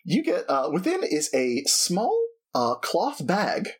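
Woman, game master, low voice, husky, lively pitch, playful, says "uh" a lot. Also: slow pace. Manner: playful, laughs often, fills with "uh". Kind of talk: narrating a tabletop game.

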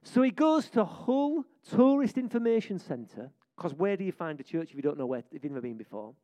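A man preaching, telling stories in an excitable, jokey way. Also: high-pitched, brisk. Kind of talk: lively sermon storytelling.

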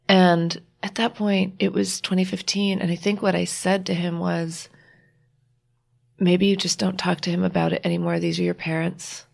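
A woman author, a guest in an interview, telling a personal story in an earnest, halting way with many restarts. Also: on the low side, vocal fry.

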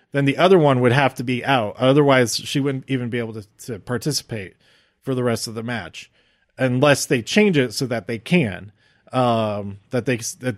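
A man's voice: medium pitch, no room sound, clean studio sound. Man rambling through a wrestling recap. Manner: enthusiastic, rambling fan talk. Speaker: wrestling show reviewer. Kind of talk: casual recap commentary.

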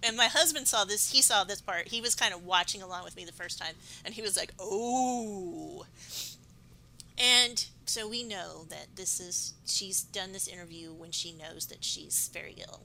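A woman's voice: mid-range voice, moderate pace, few pauses, pushed and bright, slight background noise, low-quality recording. A woman co-hosting a podcast, chatting emotionally about an episode and drifting into personal stories. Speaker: podcast co-host. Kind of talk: casual recap chat.

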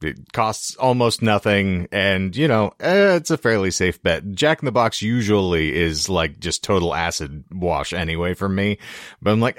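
A man co-hosting a podcast with a hoarse, sore throat, telling long rambling stories with wry asides. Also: deep voice, lively intonation, normal speed, no echo, clean studio sound. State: hoarse throat after illness. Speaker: podcast co-host. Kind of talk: casual podcast chat.

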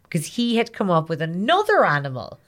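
A woman's voice: on the low side, huge pitch swings, a little fast, a bit bright. Woman rambling thru a history story, giggly, acts out little scenes, casual chat. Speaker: podcast co-host telling a history story.

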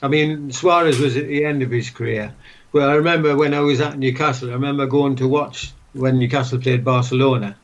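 A man's voice: medium pitch, fairly even intonation, fairly quick, lo-fi sound. An older man, a former footballer, talks as a guest and retells old stories in a rambling way, with many restarts. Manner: rambling, many restarts and "what have you". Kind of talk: casual interview reminiscing.

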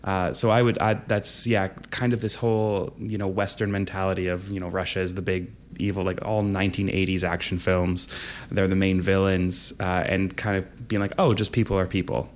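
A relaxed young man from Canada chats through an interview in a low, easygoing voice. He laughs often and slips into quoted voices as he tells his stories. A faint rumble sits under the recording. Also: moderate pace, few pauses. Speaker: drama teacher and guest. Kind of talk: casual interview conversation.

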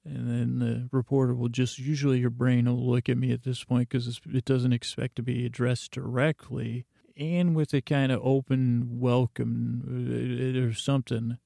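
A man hosting a podcast, telling a meandering, stammering bedtime story in a gravelly voice. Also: medium pitch, little pitch movement, moderate pace, few pauses, mellow, no room sound, studio quality. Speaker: podcast host.

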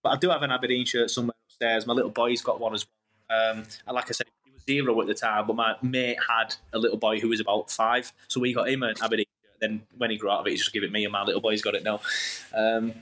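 A man's voice: on the low side, fast talker. Chatty man telling stories. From England. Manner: animated, rambling, self-interrupting. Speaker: podcast guest. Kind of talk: casual storytelling chat.

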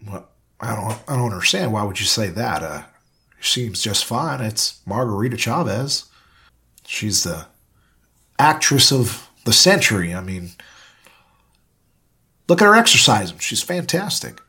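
A man plays a bewildered scriptwriter in a tabletop game who stammers through his lines. His voice is very husky and swings widely in pitch. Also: big pitch swings, a little slow, long pauses, pushed and bright, full character voice. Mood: persuasive. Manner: stammering, flustered. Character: confused stammering male scriptwriter.

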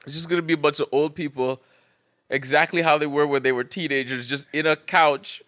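A man in his thirties hosting a casual podcast chat, laughing often and shouting out listeners. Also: fairly high pitch, fairly even intonation, brisk, no room sound, studio quality. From Canada. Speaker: podcast host.

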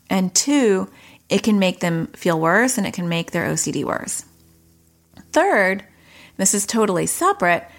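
A woman from New York hosting an educational podcast, explaining points in a direct way with quick asides. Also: mid-range voice, fairly bright tone. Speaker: podcast host.

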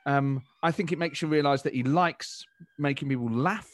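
A man from the of England, a comedian chatting as a guest, animated and quick to restart his sentences. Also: fairly high pitch. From Nottingham, England. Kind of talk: casual interview chat.

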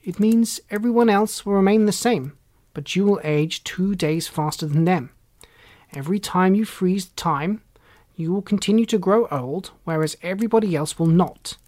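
A kindly old elf elder, leader of his folk, speaking slowly and with patient care in a children's storybook, as the reader puts him on. His voice sits a little higher than the reader's own and comes out measured and instructive. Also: darkish tone, close to an everyday voice. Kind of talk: storybook read-aloud.

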